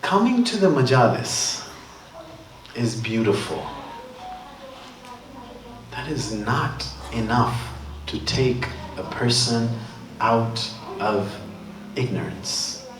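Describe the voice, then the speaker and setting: A man's voice: mid-range voice, sing-song, takes it slowly, long pauses, far from the mic, noisy background. A man giving a sermon at a religious gathering, talking in a casual, joking way while telling stories. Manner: conversational, joking storytelling. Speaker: religious speaker. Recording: roomy hall from afar.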